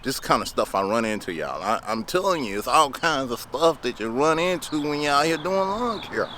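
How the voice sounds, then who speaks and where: A man talks straight to his viewers, loose and chatty, chuckling as he goes. His voice is bright and forceful, at a middle pitch. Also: big pitch swings, normal speed, a little hiss or hum. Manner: chatty, laughing, addresses viewers as y'all. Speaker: lawn care business owner. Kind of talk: casual storytelling vlog.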